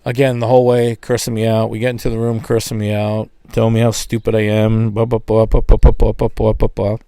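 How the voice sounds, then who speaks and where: A middle-aged man giving a spoken testimony, telling his story in a lively way and acting out the voices of others. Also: on the low side, a little fast, smooth, no echo. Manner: animated, acts out quoted voices. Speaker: testimony speaker.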